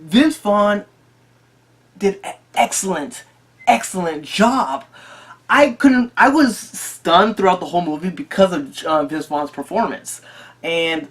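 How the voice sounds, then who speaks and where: A movie reviewer talking casually to the camera, excitable, often repeating and restarting phrases. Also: medium pitch.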